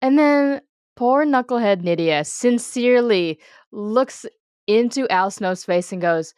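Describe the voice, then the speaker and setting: Slow, smooth-voiced deadpan woman. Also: on the high side, no echo, clean studio sound. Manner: deadpan one-word quips, laughs often. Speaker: podcast co-host. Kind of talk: casual recap chat.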